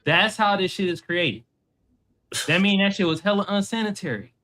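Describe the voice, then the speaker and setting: Loud, slangy, high-voiced joking man. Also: normal speed. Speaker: panelist. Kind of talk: casual banter.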